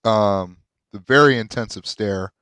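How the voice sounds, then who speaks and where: A man narrating a tabletop game as game master, halting with many fillers. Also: on the low side, fairly bright tone, smooth, dry recording.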